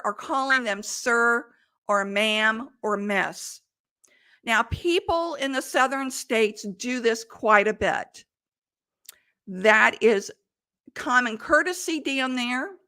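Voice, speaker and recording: A woman sales coach giving advice in an emphatic, deliberate way. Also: on the high side, sharp tone. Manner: emphatic, deliberate delivery with quoted examples. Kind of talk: coaching monologue.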